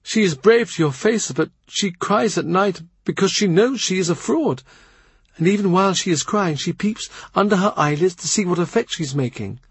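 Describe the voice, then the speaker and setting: A male audiobook reader voicing an earnest young woman, a lord's niece, who talks in an eager, confiding way and is quick to protest. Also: high-pitched, animated, husky, no room sound, pitched above the performer's own voice, full character voice. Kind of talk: audiobook character reading.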